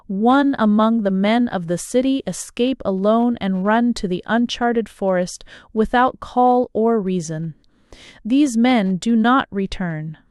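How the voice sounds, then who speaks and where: A woman reads a novel aloud at an unhurried, deliberate pace. Her voice is smooth and clear in a mid register, recorded close with almost no room sound. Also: mid-range voice, darkish tone, dry recording. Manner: slow, measured reading. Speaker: audiobook reader. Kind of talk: scripted narration.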